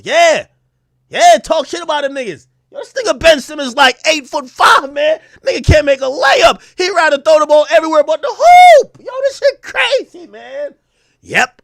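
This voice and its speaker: A man streaming a casual reaction, excitable and profane, full of slang. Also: very high-pitched, moderate pace, creaky, no echo, clean studio sound.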